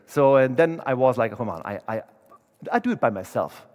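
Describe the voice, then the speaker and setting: A man's voice: fairly high pitch, expressive, a little fast. A young adult man, a motivational speaker, telling a personal story to employees in a candid, chatty way and acting out what people said. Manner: candid, chatty, acts out dialogue. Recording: long reverb of a large hall.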